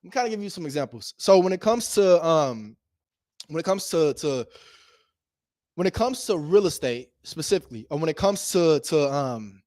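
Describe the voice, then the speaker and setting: Animated slangy man, a bit high-voiced. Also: moderate pace, dry recording, studio quality. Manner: animated, swings between loud emphasis and low asides, laughs often; slangy and direct, addresses viewers as bro. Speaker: real estate investor and video host. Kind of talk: casual motivational talk to camera.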